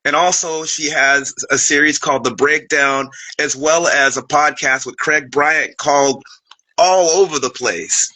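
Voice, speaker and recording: A man hosting an interview, excited and laughing, stumbling over his words as he introduces his guest. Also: fairly high pitch, measured pace, poor audio. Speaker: host.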